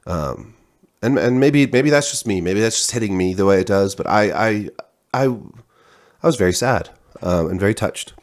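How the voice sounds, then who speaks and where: A man's voice: fairly low pitch, lively intonation, normal speed. A man, a parent, giving a casual spoken TV review, rambling with many restarts and fillers.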